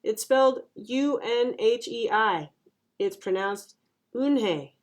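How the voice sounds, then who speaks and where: A shy young schoolgirl, new in class and eager not to stand out, as a reader puts her on. The voice sits well above the reader's own and stays soft and hesitant in a storybook read-aloud. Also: medium pitch, unhurried, voice pushed up, lightly acted.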